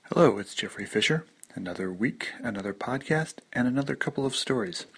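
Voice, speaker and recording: Male story reader, deep gravelly husky tone, conversational. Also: expressive, a little fast. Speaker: podcast contributor. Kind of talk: reading his own story.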